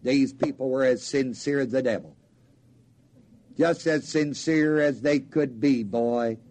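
A man's voice: mid-range voice, a little slow, a little mellow. A man preaching a sermon in a folksy, joking way, often quizzing his congregation with questions.

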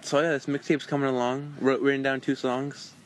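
A man's voice: mid-range voice, little pitch movement, fairly quick, a little hiss or hum. A young man on a casual podcast, throwing in dry wisecracks.

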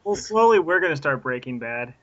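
Higher-voiced man laughing on a call. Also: sing-song, brisk, a bit bright, highs cut off. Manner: laughs easily, good-humored. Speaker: podcast co-host. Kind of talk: casual chat over a call. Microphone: internet voice call.

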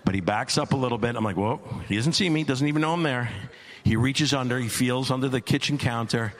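A middle-aged man telling a stand-up story as an exasperated dad, animated and climbing to near-shouts. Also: mid-range voice, a little fast. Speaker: stand-up comedian.

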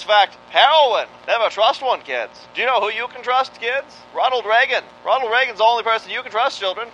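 A man's voice: sits high, pushed and bright. A man putting on a moralizing old-time newsreel announcer voice, earnestly delivering warnings in old-fashioned phrasing. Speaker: podcast host. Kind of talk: 1930s public service announcement parody. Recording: lo-fi podcast audio with faint hiss.

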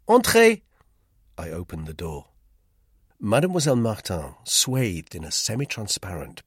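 A male audiobook narrator telling a first-person story in a measured, tense way. His husky voice moves lively through the sentences. The recording is dry and close, with no room sound. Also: low-pitched, no echo.

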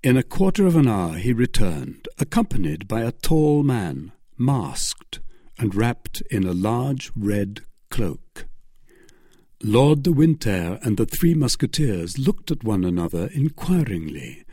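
A man narrating a classic adventure novel in a measured, expressive storytelling manner, close to the mic. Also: lowish voice, breathy edge, dry recording. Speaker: audiobook narrator.

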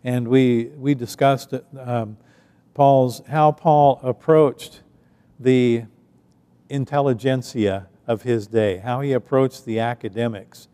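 A man preaching a sermon in a relaxed, conversational way, often restarting his phrases. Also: mid-range voice, long reverb tail. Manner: conversational, halting with frequent restarts. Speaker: pastor. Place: church.

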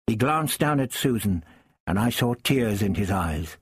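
A man reading a first-person story aloud in a measured, understated way. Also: on the low side, expressive, breathy edge, no echo, clean studio sound. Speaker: audiobook narrator.

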